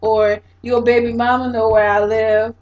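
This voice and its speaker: A woman's voice: a little high, little pitch movement, normal speed, a little mellow. A woman co-hosting a casual podcast chat, blunt and profane, often acting out what people say. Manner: blunt and profane, acts out quotes. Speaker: podcast co-host. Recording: dull lo-fi sound.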